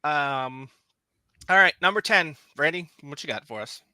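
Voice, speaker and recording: A man's voice: fairly high pitch, animated, measured pace, bright, forceful tone, no room sound. A man hosting a casual podcast, steering the talk and calling on the others in turn. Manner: leads the talk, calls on others. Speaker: podcast host.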